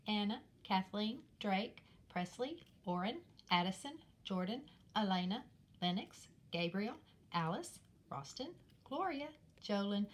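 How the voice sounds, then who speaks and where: A female primary school teacher speaks slowly, clearly, and in a sing-song way to young children in a recorded remote class lesson, her questions jumping high in pitch. There is slight background noise.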